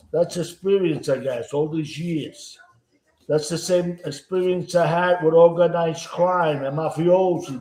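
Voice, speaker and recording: An Italian man hosting a home cooking show chats casually to camera, rambling in broken English with an Italian accent as he cooks. His voice is a little high and mellow, and the sound is roomy.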